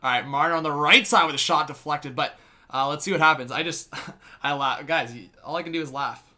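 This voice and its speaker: A young man streams fan play-by-play of a hockey game in a fairly high, bright voice. He laughs often between calls and breaks into loud excited shouts when a play heats up. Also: a little fast. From Canada. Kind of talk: live fan play-by-play commentary.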